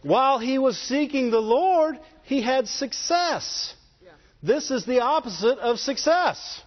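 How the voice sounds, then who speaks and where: A man preaching a sermon in an animated way, often asking the congregation questions. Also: extremely high pitch, slow pace. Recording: dull sound with long hall reverb.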